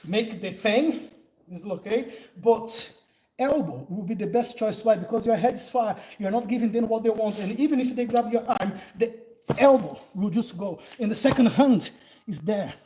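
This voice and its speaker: A man's voice: high voice, moderate pace, warm tone, slight background noise, rough recording. A man in his forties from Brazil with a Brazilian Portuguese accent, speaking English as a second language, chatting loosely about self-defense and laughing often. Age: 40s. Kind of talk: casual live Q&A and instruction.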